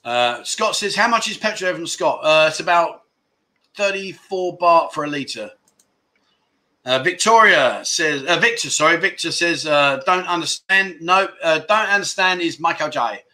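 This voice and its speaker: Expressive and on the high side, this man's pushed, bright voice moves at normal speed. As livestream host, he reads out viewer comments in a joking, scattered manner and laughs whenever he trips over his words.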